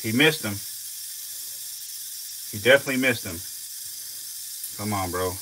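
A man casually commenting while filming, excitable and slangy, swearing often and talking both to his animals and to viewers. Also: lowish voice, unhurried, noisy background. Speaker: reptile keeper vlogger.

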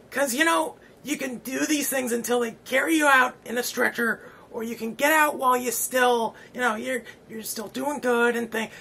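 A man's voice: extremely high pitch, steady tone, moderate pace, gravelly, few pauses, pushed and bright, husky. A man hosting a comedy vlog, giving a rambling, self-important farewell speech and then interviewing a guest. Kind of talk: mock-solemn comedy monologue.

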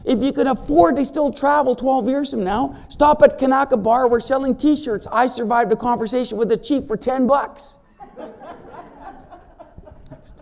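A man giving a conference keynote as a First Nations chief, animated and joking, often asking the audience questions. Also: sits high, gravelly.

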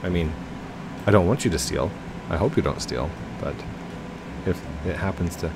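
Gaming host, man, low voice, unhurried delivery, over a steady background hum. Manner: chatty, jokey, giggles and talks to his teammate. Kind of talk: casual gameplay commentary.

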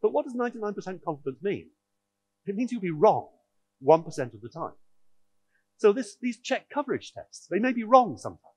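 A man's voice: high voice, big pitch swings, brisk, darkish tone, slightly rough. A man giving a technical conference talk, explaining in a wry, audience-directed way. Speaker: conference speaker.

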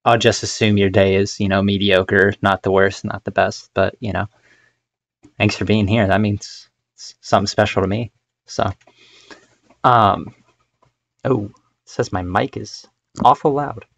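A young man with a low, gravelly voice rambles in casual, apologetic chat as a first-time streamer. He talks into a cheap microphone, and the sound is close and dry. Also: steady tone, unhurried, pauses often, no room sound. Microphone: cheap desk microphone.

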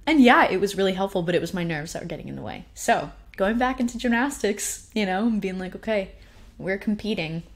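A young woman telling personal stories in a casual, animated way, laughing often and poking fun at herself. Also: mid-range voice, fast, few pauses. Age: young adult. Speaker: speaker sharing personal stories. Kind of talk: casual storytelling talk.

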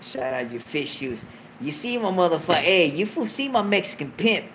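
A man's voice: fairly high pitch, big pitch swings, normal speed, fairly bright tone, a little hiss or hum. A man hosting a late-night livestream, talking casually, full of slang and profanity and joking between laughs. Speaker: livestream host.

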